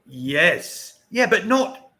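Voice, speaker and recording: Older guy chatting on a live stream, slow and rambly, laughs a lot. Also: sits high, very animated, sharp tone. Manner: rambling, chatty, chuckles often. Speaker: livestream host. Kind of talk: casual live-stream chat.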